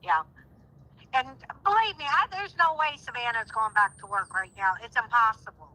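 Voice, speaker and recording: Bright-voiced woman, heartfelt and emphatic. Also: a little high, big pitch swings, moderate pace, low-quality recording. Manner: heartfelt, rising to indignant outbursts. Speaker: guest. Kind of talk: emotional phone-in conversation.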